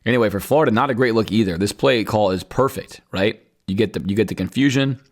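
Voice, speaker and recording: A man's voice: fairly low pitch, fast talker. A man hosting a podcast, talking viewers through football game film in a conversational, analytical way. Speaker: podcast host.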